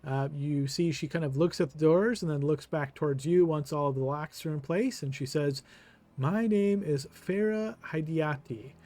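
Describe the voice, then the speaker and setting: A man's voice: on the high side, steady tone, normal speed, few pauses, a little mellow. Easygoing man running a tabletop game. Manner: easygoing, with frequent filler words. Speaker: game master.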